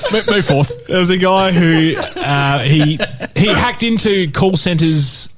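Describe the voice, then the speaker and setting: A man's voice: on the high side, slow pace. A man co-hosting a podcast, chatting casually and laughing and joking often. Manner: laughs and jokes a lot. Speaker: podcast co-host. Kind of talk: casual chat.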